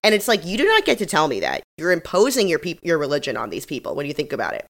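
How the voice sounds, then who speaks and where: Lively low-voiced woman podcaster. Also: quick pace. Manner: animated retelling with acted-out quotes. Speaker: podcast co-host. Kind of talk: casual recap chat.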